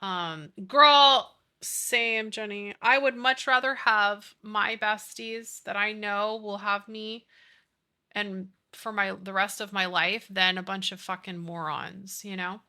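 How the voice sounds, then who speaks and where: A woman's voice: mid-range voice, steady tone, takes it slowly, bright, forceful tone. A young woman streaming a building game, chatting casually with friends and viewers, giggly and swearing freely. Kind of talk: casual live-stream chat while gaming.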